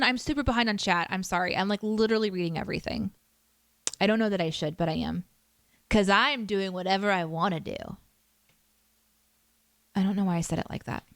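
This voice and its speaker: A woman's voice: mid-range voice, fast talker, dry recording. Chatty woman streamer, dry sound. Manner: chatty, self-deprecating, reads chat aloud. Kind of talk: casual livestream chat.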